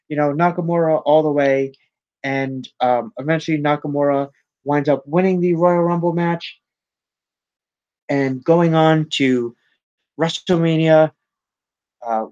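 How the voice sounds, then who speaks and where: A man's voice: fairly high pitch, darkish tone, dry recording. Rambling man recapping wrestling, muffled. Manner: rambling, many ums and self-corrections. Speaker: wrestling news host. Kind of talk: casual solo recap.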